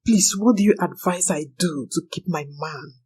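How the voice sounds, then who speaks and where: A woman's voice: low-pitched, normal speed, a little mellow, husky. A young woman narrating a personal confession in an earnest, anxious manner.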